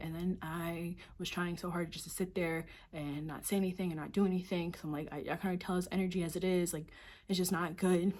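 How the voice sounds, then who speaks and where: Young woman, storytime vlog, somewhat low voice, emotional, lots of filler words, swears. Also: a little mellow. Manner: emotional, heavy use of filler "like", profane. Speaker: vlogger.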